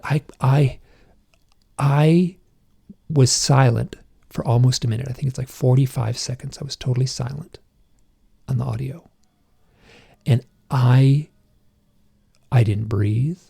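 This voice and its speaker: A middle-aged man, a podcast guest, recounting a personal experience in a halting, intense way, with emotional outbursts when he quotes himself. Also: medium pitch, fairly even intonation, gravelly, warm tone, breathy edge.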